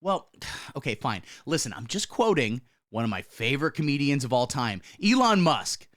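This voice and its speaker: A man hosting a satirical news show, delivering commentary in a mock-pompous, swaggering way with sudden low asides. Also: sing-song, normal speed, a bit bright.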